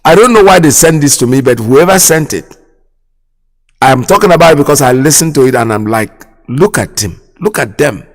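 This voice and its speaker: An indignant Nigerian man hosts his radio show and delivers impassioned political commentary. He repeats phrases and fires off sharp rhetorical questions in a fairly high voice. A long reverb trails behind every word. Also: lively intonation, brisk. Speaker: radio host.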